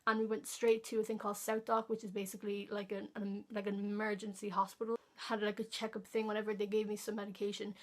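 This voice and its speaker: A woman's voice: medium pitch, little pitch movement, quick pace. A teenage girl, rambling through a casual storytime vlog with many fillers and restarts. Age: teens. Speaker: vlogger.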